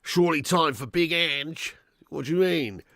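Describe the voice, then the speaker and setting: A young man hosting a live football watch-along, chatting and thanking viewers by name, with sudden bursts of excitement when chances come. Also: fairly high pitch, moderate pace, gravelly, no room sound, clean studio sound.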